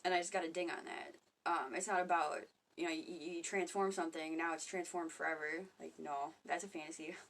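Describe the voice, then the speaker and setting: A woman talking casually to camera in a rambling, profane monologue about spirituality, often laughing and getting loud when she quotes others. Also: low voice, fairly even intonation, a little fast, few pauses, recorded from a distance. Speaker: spiritual vlogger.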